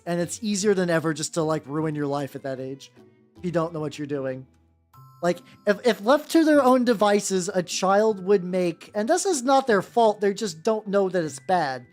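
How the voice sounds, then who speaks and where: A woman's voice: fairly low pitch, darkish tone. A woman in her thirties chatting casually as a streamer while she paints, rambling and restarting her sentences with a wry edge. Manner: rambling, self-interrupting, wry. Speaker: VTuber streamer.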